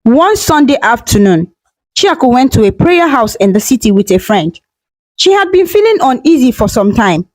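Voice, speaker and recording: A woman storyteller narrating a scripted folktale in a steady, dramatic way on a close microphone. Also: sits high, dry recording, rough recording.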